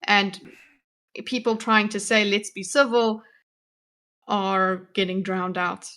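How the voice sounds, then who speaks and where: A woman's voice: mid-range voice, fairly even intonation, takes it slowly, fairly bright tone. Matter-of-fact woman panel guest. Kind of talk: casual panel discussion. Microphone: online voice call.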